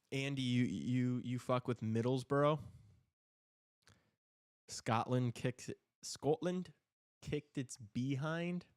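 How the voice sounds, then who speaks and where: A man's voice: medium pitch, clean tone, dry recording, clean studio sound. A man hosting a live hockey stream, chatting in a laid-back, rambling way and swearing casually. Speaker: podcast host.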